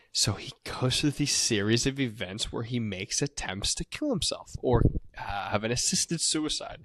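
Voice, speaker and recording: On a dry recording, a man with a lowish voice casually recaps a movie as a podcast co-host. He tells it in an animated way, swearing and acting out the characters' lines.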